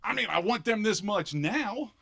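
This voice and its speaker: Middle-aged philly guy doing standup, kinda high voice, punchy and animated. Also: normal speed, vocal fry. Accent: Philadelphia. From Philadelphia. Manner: animated, punchy delivery with sudden loud bursts. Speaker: stand-up comedian. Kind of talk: stand-up comedy set. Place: comedy club stage.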